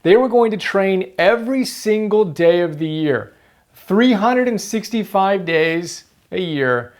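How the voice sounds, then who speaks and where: A man's voice: sits high, animated, measured pace. A man hosting a motivational book-summary video, earnest and emphatic, repeating key phrases for stress.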